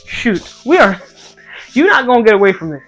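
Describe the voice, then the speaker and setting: A speaker in their twenties telling a casual story and then a Bible talk to viewers, animated and playful, swinging between loud outbursts and hushed asides. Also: medium pitch, fairly quick. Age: 20s. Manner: playful slangy banter with viewers. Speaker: content creator. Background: faint background music.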